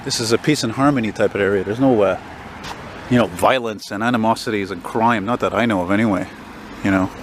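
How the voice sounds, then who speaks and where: Speaking fast in a fairly low voice, the French Canadian vlogger from Quebec keeps up his casual street commentary while walking and filming on a handheld camera. He's blunt, swears freely, and gripes about politicians over the noise of cars going by.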